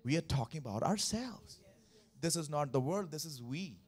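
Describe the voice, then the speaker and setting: A high-pitched man preaching a Sunday morning sermon. He is emphatic, repeats his key lines for weight and keeps asking the congregation to answer back. He walks through scripture one verse at a time. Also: expressive, normal speed, husky. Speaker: pastor.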